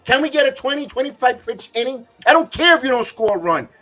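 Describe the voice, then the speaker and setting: Irate high-voiced ranting baseball fan. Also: male voice, expressive, fast talker, sharp tone, soft background music. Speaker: watch-along host. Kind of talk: live baseball reaction commentary.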